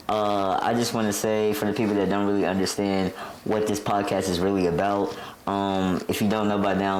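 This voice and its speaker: A young man co-hosting a podcast in casual chat, relaxed and calling his friend "bro". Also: deep voice, slight background noise, poor audio. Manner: relaxed, says "bro" often. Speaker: podcast co-host.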